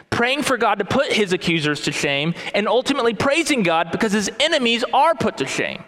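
A young adult man preaching a sermon as pastor, earnest and expository, slowing down to stress key points. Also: high-pitched, a bit bright, in a large hall. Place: church sanctuary.

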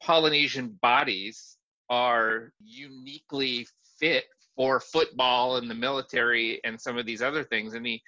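A man with a very bright, forceful voice chats casually as a podcast co-host, trading dry jokes with his partner. The audio sounds a little dull and lo-fi. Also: mid-range voice, animated, unhurried, vocal fry.

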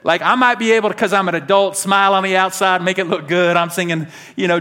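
A man preaching a sermon to his church, animated and conversational, laughing along with his stories and talking straight to the congregation. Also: high voice, fast, hardly any pauses. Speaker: pastor.

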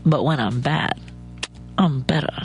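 A woman doing an impression of a sultry 1930s film star in a slow, suggestive drawl. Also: low voice, soft background music.

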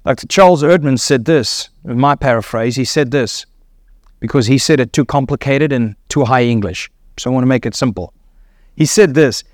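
A man's voice: medium pitch, moderate pace, no room sound, clean studio sound. A man preaching a sermon, teaching earnestly and asking his listeners rhetorical questions.

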